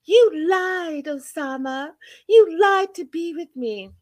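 Woman performing a wounded 67-year-old woman, high-pitched, pleading, close and dry. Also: lively intonation, slow, a little mellow, no echo, heavily acted. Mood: furious. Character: upset 67-year-old woman confronting partner.

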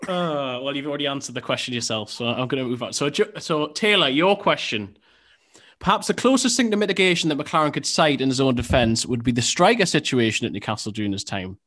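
Deadpan man reading out quiz questions. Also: medium pitch, brisk. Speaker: quiz master on a football podcast.

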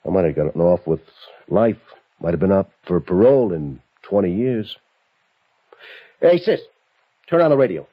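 A man's voice: low voice, big pitch swings, normal speed, long pauses, breathy edge, full character voice. An actor playing a cruel, mocking escaped male convict who holds a couple hostage, speaking in a drawling, taunting tough-guy manner. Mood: menacing. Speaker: villain holding a couple hostage. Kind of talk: vintage broadcast drama acting. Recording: lo-fi old recording with faint music.

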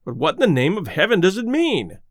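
A man's voice: sits high, huge pitch swings, moderate pace, no echo, studio quality. A man voicing an irritable lawyer in an audiobook, speaking sharply and brusquely. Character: irritable middle-aged male lawyer, shaken.

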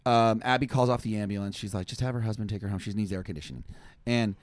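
A young man telling a long, rambling story in casual chat, animated and full of fillers. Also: on the low side, fast, no echo. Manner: animated, rambling, heavy use of "like". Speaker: touring musician, guest.

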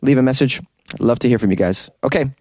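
A man's voice: mid-range voice, quick pace, darkish tone, no echo. A man hosting a comedic news podcast, chatty and joking with wry asides. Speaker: podcast host.

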